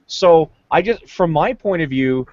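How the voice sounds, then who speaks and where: A man's voice: fairly high pitch, lively intonation, measured pace, darkish tone. A man talking bluntly in a casual online chat, mocking and stumbling over repeated words. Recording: dull lo-fi voice call.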